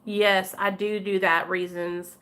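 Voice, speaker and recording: A woman's voice: medium pitch, little pitch movement, takes it slowly, fairly bright tone. A woman chatting candidly with her live-stream viewers, talking straight to commenters by name. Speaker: vlogger talking to live chat. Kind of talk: casual live-stream chat.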